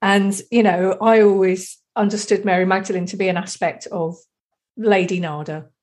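A woman's voice: medium pitch, fairly even intonation, moderate pace, a little mellow. A woman in casual spiritual conversation, talking reflectively and rambling, with frequent "you know.".

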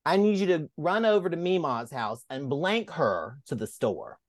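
A man's voice: fairly high pitch, lively intonation, moderate pace, no echo, studio quality. A man with a Southern US accent, co-hosting a podcast in sassy, teasing casual chat. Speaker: podcast co-host.

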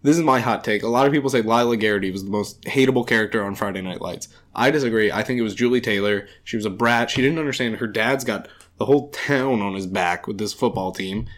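A man co-hosting a casual movie review chat, delivering absurd hot takes in a deadpan, mock-serious way. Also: on the low side, fast talker. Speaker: podcast co-host.

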